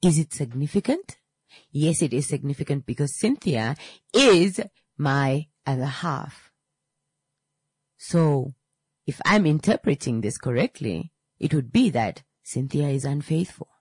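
A woman in her thirties teaching a casual lesson, telling a lively anecdote with acted-out voices and slangy asides. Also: sits low, unhurried, slightly rough, no room sound. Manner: animated storyteller, acts out voices, slangy asides.

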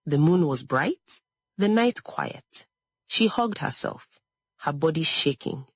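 A woman tells a sad story slowly and dramatically, lingering on short phrases. Her voice is low and husky, with a lively, swinging melody. The recording is dry and close. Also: dry recording. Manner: measured, dramatic, lingering pauses. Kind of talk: slow dramatic story narration.

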